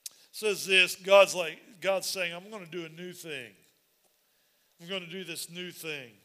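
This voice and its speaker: High, bright-voiced male pastor preaching. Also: measured pace. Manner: animated, repetitive preaching that builds to shouts. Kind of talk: sermon.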